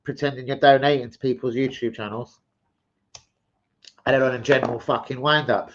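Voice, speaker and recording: A man hosting a casual live stream, swearing freely, rambling and giving loud shout-outs to chat. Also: medium pitch, fairly even intonation, a little fast. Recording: slightly muffled stream audio.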